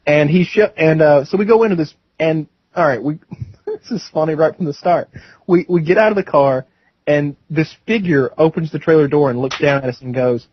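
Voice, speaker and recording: A man's voice: fairly high pitch, normal speed, dull audio. A young man co-hosting a podcast, telling a long rambling story with bursts of laughter. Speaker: podcast co-host. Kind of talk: casual storytelling.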